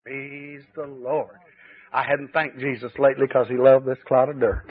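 A man preaching a fervent sermon at a church service, his voice swinging between high exclamations and low, confiding asides. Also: level tone, brisk. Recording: tinny old cassette tape recording.

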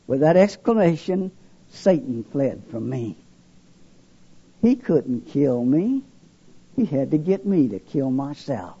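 Husky preacher with a lively, swinging voice. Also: male voice, slow pace, long pauses. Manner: dramatic, swinging between loud emphasis and hushed lows. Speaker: preacher giving testimony. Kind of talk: sermon testimony. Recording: dull lo-fi recording.

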